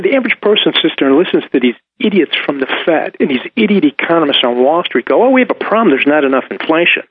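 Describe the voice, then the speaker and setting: A man's voice: mid-range voice, slightly rough. A man giving opinionated commentary on the economy, emphatic and scornful of his opponents, heard over a phone line. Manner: emphatic, mocking voices of opponents. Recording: tinny phone-line sound.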